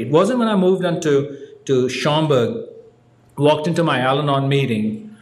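An older man telling a humorous personal story at a recovery meeting, wry and self-mocking, with deadpan punchlines. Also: fairly high pitch, normal speed. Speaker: speaker sharing his story at a recovery meeting. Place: meeting hall with a live audience. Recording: echoey hall, faint background hum.

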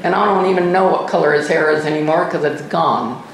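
A woman's voice: deep voice, fairly quick, echoey room, over a noisy crowd, very noisy. An older woman sharing her personal story at a recovery meeting, candid and self-mocking with wry humor. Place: meeting room. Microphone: microphone at a podium.

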